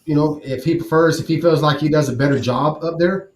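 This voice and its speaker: Casual sports podcast co-host, man, blunt and profane, slightly high voice, echoey room. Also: brisk, a little hiss or hum. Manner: profane, blunt, animated storytelling. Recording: roomy echo.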